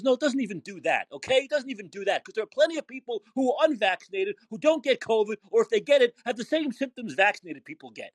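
A man's voice: high voice, big pitch swings, fast, few pauses, husky, dry recording. A man hosting a call-in podcast, ranting angrily and swearing heavily. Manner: profane, ranting, emphatic. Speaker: podcast host. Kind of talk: angry call-in show rant.

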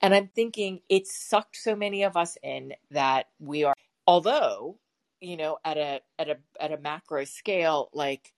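A woman co-hosting a casual podcast, her voice sitting low with a gravelly fry running through it. She thinks aloud as she goes, looping through fillers and restarts before she lands a point. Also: measured pace. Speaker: podcast co-host. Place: home setup with a bird in the background.

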